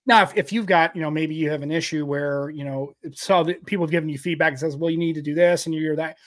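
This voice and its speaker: A man's voice: fairly high pitch, fairly even intonation, fast talker. A man hosting a casual podcast, giving earnest advice and restarting his sentences often. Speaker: podcast host.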